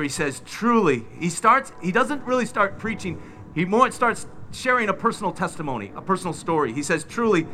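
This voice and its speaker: Middle-aged man, pastor, sermon, bright tone, slightly high voice, dramatic retelling. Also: a little hiss or hum. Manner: dynamic preaching, acts out biblical scenes.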